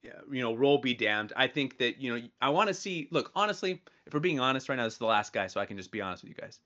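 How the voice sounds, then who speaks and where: A man's voice: medium pitch, expressive, fast talker, pushed and bright, highs cut off. A man chatting casually as a podcast co-host, rambling with many fillers and restarts. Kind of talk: casual chat.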